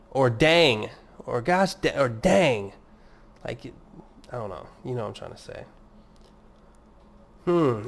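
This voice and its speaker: A male podcast host talking on his own in a loose, unscripted way. He rambles from one thought to the next, swears freely and pokes fun at himself. His voice sits at an ordinary middle pitch for a man. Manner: rambling, profane, self-mocking. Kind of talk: casual solo podcast monologue.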